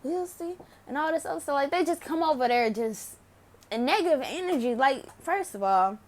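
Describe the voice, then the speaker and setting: A woman's voice: sits high, expressive, fairly quick. A young woman vlogging to camera, telling a story casually, laughing often and swearing freely.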